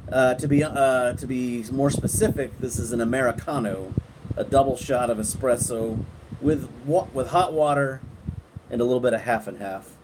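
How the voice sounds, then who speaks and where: A middle-aged man hosting a casual live stream at night, talking to viewers in a relaxed, rambling way and often restarting his sentences. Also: mid-range voice, normal speed. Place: outdoors at night, windy, on a porch. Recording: wind noise on the mic outdoors.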